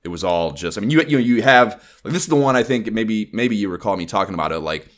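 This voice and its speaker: A man's voice: on the low side, expressive, fast, a bit bright. A man hosting a podcast, telling a rambling, profane story in casual chat and often breaking into laughter. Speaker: podcast host.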